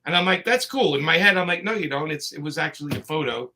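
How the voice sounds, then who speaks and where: A man's voice: on the high side, lively intonation, fast talker, sharp tone, slight background noise. A man telling long, rambling anecdotes in a casual chat, full of fillers and restarts. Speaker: comics creator telling stories.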